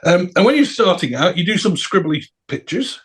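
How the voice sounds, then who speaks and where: Animated man telling stories. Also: high voice, moderate pace. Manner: animated, laughs, repeats words. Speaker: guest. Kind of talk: anecdotal storytelling.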